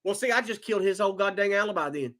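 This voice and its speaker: A man's voice: high voice, very fast, a bit bright. A man hosting a live stream, ranting angrily and swearing, often repeating and restarting his words. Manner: heated, profane, repeats himself. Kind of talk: angry live-stream rant.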